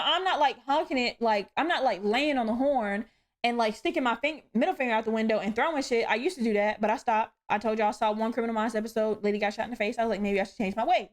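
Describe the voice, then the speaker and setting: A young woman hosting a solo podcast, telling stories in a blunt, profane, animated way. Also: on the high side. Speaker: podcast host. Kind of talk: casual solo podcast rant.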